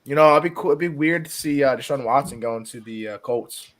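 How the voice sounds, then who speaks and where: Casting: male co-host, mid-pitch, loose rambling delivery full of ums. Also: brisk, slight background noise. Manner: rambling, many fillers, casual swearing. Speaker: podcast co-host. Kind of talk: casual podcast chat.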